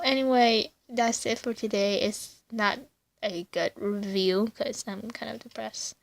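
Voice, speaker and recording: A woman's voice: a little high, fairly even intonation, measured pace, vocal fry, no room sound. A woman casually reviewing an anime episode on video, rambling with lots of fillers and sounding emotional. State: teary, voice breaking.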